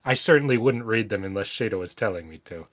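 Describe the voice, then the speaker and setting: A man's voice: on the low side, expressive, quick pace, no room sound. Blunt, foul-mouthed male podcast co-host. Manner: blunt, swears freely, sarcastic. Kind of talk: casual chat.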